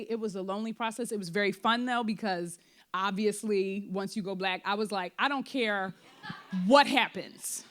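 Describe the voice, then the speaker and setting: Animated woman in a talkback. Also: medium pitch. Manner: animated, frequent fillers, acts out quoted thoughts. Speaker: playwright and performer in a post-show talkback. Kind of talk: candid conversational talkback. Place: theater before an audience.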